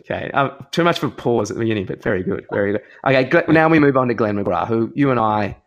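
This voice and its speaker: A man's voice: medium pitch, animated, quick pace, dull audio. A man co-hosting a podcast in casual banter, retelling jokes and acting out quoted lines with bursts of laughter. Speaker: podcast co-host.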